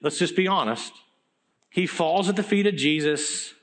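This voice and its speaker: A man's voice: a little high, normal speed. A man preaching a sermon, telling a story with animation and casual slang. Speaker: pastor.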